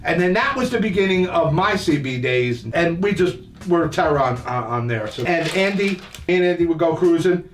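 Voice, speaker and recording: A man's voice: on the high side, expressive, normal speed, few pauses, slight background noise. An older man telling childhood stories in a rambling, profane, laughing way as a podcast host. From New Jersey. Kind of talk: casual storytelling. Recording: roomy echo, mic at a distance, faint music.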